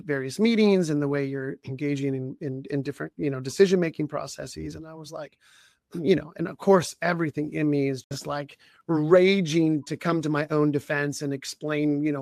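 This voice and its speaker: Halting, throat-clearing man, a bit high. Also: dry recording, clean studio sound. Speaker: leadership coach and podcast co-host. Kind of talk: conversational storytelling.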